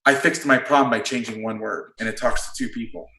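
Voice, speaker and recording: A man who coaches football, breaking down defensive play calls in a casual chat, blunt and quick to swear. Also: mid-range voice, steady tone, pushed and bright. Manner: blunt, swears freely, explains plays in detail. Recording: roomy echo.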